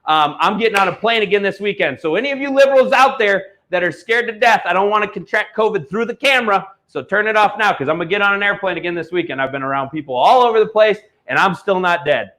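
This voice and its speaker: High, bright-voiced heated male auction host. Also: fast talker, hardly any pauses. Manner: heated, blunt, salesy. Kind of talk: live-stream product pitch with ranting.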